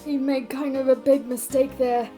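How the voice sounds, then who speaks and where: A woman voicing an earnest young male ex-agent with an attempted Cockney accent and a hesitant, halting manner. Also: sits high, little pitch movement, music in the background, close to an everyday voice. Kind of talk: let's play voice acting.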